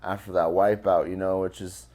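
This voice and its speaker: A man with a deep, slightly mellow voice is interviewed as a guest, telling a personal story at normal speed in a level tone. His talk is loose, casual, and profane, full of fillers.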